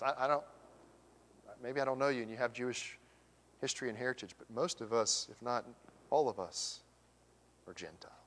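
A man preaching a sermon as pastor, swinging from emphatic raised questions to hushed near-whispers. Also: mid-range voice. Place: church sanctuary. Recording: long church hall reverb.

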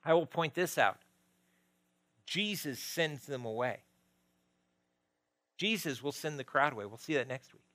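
A male pastor preaching a sermon, moving between loud emphasis and quiet, intimate stretches. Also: a little high, animated, a little slow, long pauses, dry recording, rough recording.

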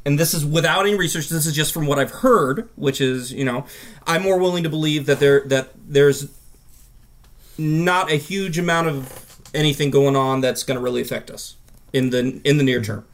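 A man's voice: fairly high pitch, normal speed. A man in a casual podcast chat who rambles in long, winding sentences.

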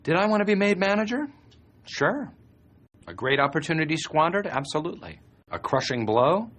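A man's voice: fairly high pitch, very animated, moderate pace, a bit bright. An actor playing a wry man who asks himself questions and answers them curtly, in a film or TV scene.

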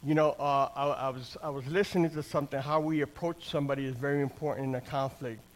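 At a quick pace and medium pitch, with a steady tone, an older man offers his personal testimony as a conversational sermon. Plain-spoken, he frequently restarts his phrases and checks in with the congregation by asking "amen?" and "right?"

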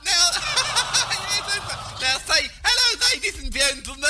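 A shrill, giggling female TV presenter, played by a man in drag-voice, fussing over her guest. The voice sits extremely high and leaps wildly up and down, and the delivery is slow and drawn out. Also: big pitch swings, heavy background noise, full character voice. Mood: gushing. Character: gushing female TV presenter, chirpy and patronizing.

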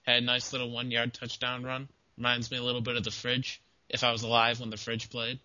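Young man in his twenties, deadpan podcast co-host, sharp bright voice, dull lo-fi sound. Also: medium pitch, fairly quick, no room sound. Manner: dry, deadpan one-liners. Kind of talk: casual sports podcast banter.

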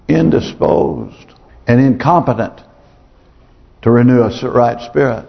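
A pastor's creaky, medium-pitched voice moves at a measured pace through a sermon in a church sanctuary. He's earnest and pleading, using repeated phrases for emphasis. The audio is dull with a long hall reverb.

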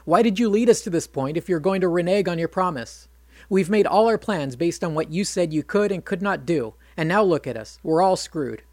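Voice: medium pitch, expressive, normal speed, darkish tone, dry recording, lightly acted. A narrator voicing a bitter, self-pitying king who whines and rants at his brother. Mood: ranting. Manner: whining, ranting.

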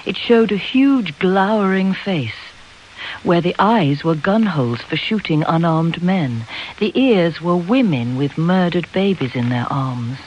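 A measured audiobook narrator with a mid-range voice who slows down to linger on key words. The reading comes through a slightly dull, lo-fi recording. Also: mid-range voice, lively intonation, slight background noise. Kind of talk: scripted narration.

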